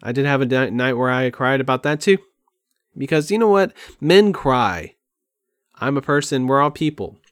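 A man's voice: mid-range voice, expressive, normal speed, no echo, clean studio sound. A man talking candidly in a rambling, open and emotional way at home, as a podcast host. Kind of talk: candid personal monologue. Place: at home by his computer.

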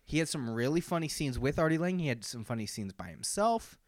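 Animated man chatting on a podcast. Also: on the high side, brisk, no room sound, clean studio sound. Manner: animated, lots of fillers and laughs. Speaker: podcast co-host. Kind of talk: casual chat.

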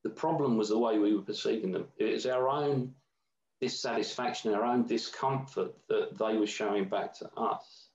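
A man's voice: lowish voice, normal speed, darkish tone, roomy sound, muffled recording. A man in a casual conversation, telling a long meandering story with many restarts. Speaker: guest.

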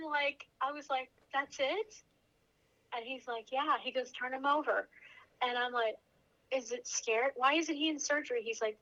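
Bright-voiced woman telling her story. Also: fairly high pitch. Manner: animated, laughing as she tells a story. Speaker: podcast guest. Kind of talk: personal storytelling. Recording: slightly dull lo-fi audio.

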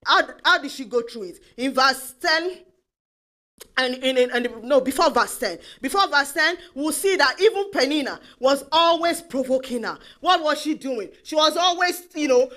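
A woman's voice: high voice, lively intonation, moderate pace, pushed and bright. A woman from Africa, preaching a sermon in an emphatic, repetitive way with calls of amen.

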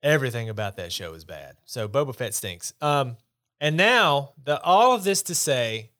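A man's voice: mid-range voice, big pitch swings, normal speed, fairly bright tone. A man hosting a casual podcast chat, talking in an opinionated, rambling, dismissive way. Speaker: podcast host.

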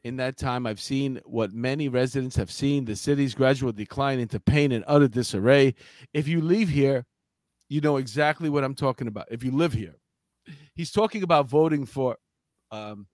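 A man in his fifties co-hosting a casual talk show, telling rambling stories with lots of excitement. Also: medium pitch, moderate pace, no echo, clean studio sound. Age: 50s. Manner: animated storyteller, rambling and excitable. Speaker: podcast co-host. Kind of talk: casual banter. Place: Los Angeles.

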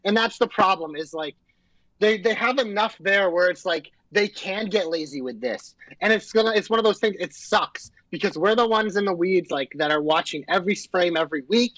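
A man's voice: high-pitched, normal speed, a bit bright, no room sound, low-quality recording. A man co-hosting a casual wrestling podcast, ranting in an angry, profane, fired-up way. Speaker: podcast co-host.

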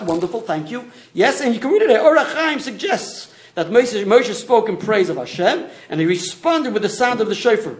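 A man's voice: high-pitched, reverberant. A man from Australia, a rabbi teaching a Torah class, explaining with many restarts and asides. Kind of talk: lecture to a small class.

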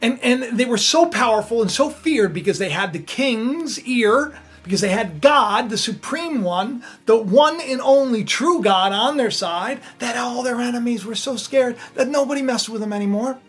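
A woman preaching, telling a Bible story in a lively, conversational way and acting out the characters. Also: on the high side, moderate pace, hardly any pauses, slightly rough. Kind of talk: animated sermon storytelling.

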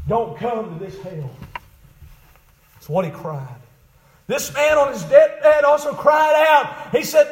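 A man preaching a fiery revival sermon, dropping to low murmurs and then rising into shouted, drawn-out cries. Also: big pitch swings, roomy sound.

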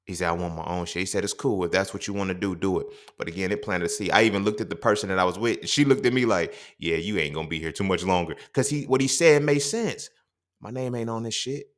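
A young man hosting a casual podcast monologue, swearing freely and acting out quoted dialogue in his stories. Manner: profane, streetwise storytelling with quoted dialogue; animated, jumps up in pitch when quoting. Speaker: podcast host.

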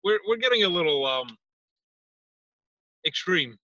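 A man with a very bright, forceful voice chats loosely, spinning profane stories in a relaxed back-and-forth. His voice sits fairly high for a man and sounds close and dry, with a dull, lo-fi recording quality. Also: unhurried, dry recording. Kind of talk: casual chat.

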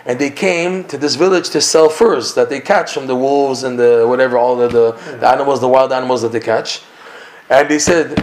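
A man teaching a Torah class, telling a story with lively acted-out dialogue. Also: mid-range voice, fairly quick, a little hiss or hum. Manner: animated storyteller acting out the characters' lines. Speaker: religious teacher.

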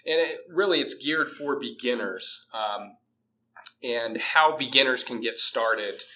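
A man's voice: mid-range voice, takes it slowly, sharp tone, a little hiss or hum, poor audio. A man hosting a podcast in casual chat, talking through a cold with fillers and restarts. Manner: chatty, many fillers and restarts. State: has a cold. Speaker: podcast host.

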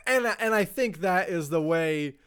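Chatty podcast host with a smooth voice. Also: male voice, high voice, lively intonation, slow pace, fairly bright tone. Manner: chatty, rambling with fillers. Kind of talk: casual chat.

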